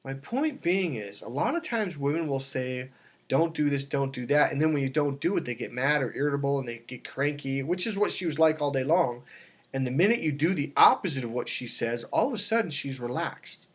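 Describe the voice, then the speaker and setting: A man's voice: mid-range voice, a little fast, breathy edge. A man coaching on dating, talking casually to camera and telling a story with lots of restarts and self-corrections. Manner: animated storytelling, acts out quoted dialogue.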